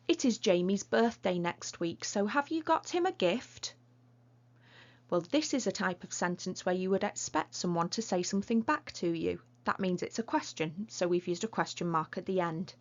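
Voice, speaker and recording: Patient British woman teacher, lower voice. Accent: British English. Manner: patient, clear explaining with a playful touch. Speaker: primary school teacher. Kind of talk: dictation lesson for children. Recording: slightly muffled lo-fi recording.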